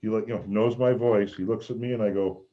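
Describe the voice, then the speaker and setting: Low mellow guy on a video call, rambling stories, kinda muffled lo-fi audio. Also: quick pace. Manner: rambling, animated, shouts out quoted lines. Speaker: former college mascot guest. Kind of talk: casual storytelling on a video call.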